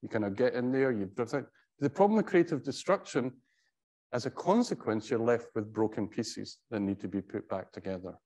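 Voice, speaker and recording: A middle-aged man, a professor, giving an anecdotal tribute speech in a conversational, halting way, with wry storytelling and frequent restarts. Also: medium pitch, expressive, darkish tone.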